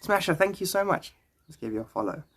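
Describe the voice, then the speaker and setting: A man's voice: sits high, big pitch swings, fast talker, fairly bright tone, slightly rough. A man livestreaming, rambling casually and chatting with viewers in his chat. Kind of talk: casual live-stream chat.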